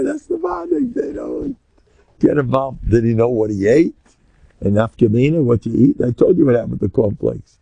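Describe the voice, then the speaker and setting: An older American rabbi gives a Torah lecture to a roomful of listeners, animatedly acting out scenes from his stories. His mellow, gravelly voice swoops widely in pitch. The recording is dry and close.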